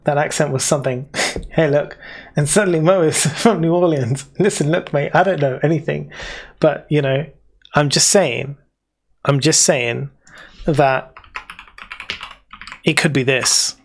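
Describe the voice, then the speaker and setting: A man's voice: a little high, unhurried, vocal fry, long pauses. A man with a British accent giving casual, rambling gameplay commentary as a let's play host. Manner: chatty, rambling, self-teasing.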